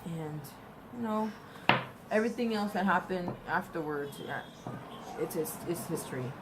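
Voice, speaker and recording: Halting young woman telling a story. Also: lowish voice, expressive, heavy background noise. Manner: halting, repeats herself, many restarts. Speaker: vlogger telling a personal story. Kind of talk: casual personal storytelling. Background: music.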